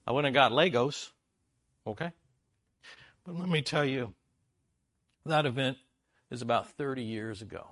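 A middle-aged man preaching a sermon, telling a family story and acting out its voices with lively energy. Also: medium pitch, normal speed, long pauses. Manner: animated, acts out the story in funny voices.

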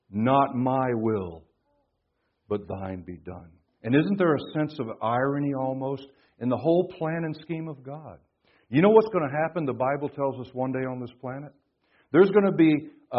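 Male preacher, husky, dramatic dynamic swings, muffled recording. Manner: dramatic swings from hushed to booming emphasis. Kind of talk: sermon. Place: conference hall.

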